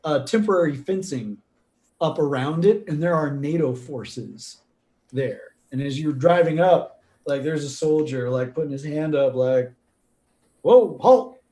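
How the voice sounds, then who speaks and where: A man's voice: on the high side, darkish tone, roomy sound. A man narrating a tabletop game as game master in a casual, chatty way.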